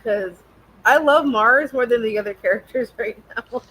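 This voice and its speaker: A woman's voice: fairly high pitch, moderate pace, a bit bright, slightly rough, poor audio. A woman hosting a casual book chat, giggly and agreeable. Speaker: podcast host. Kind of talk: casual chat about books.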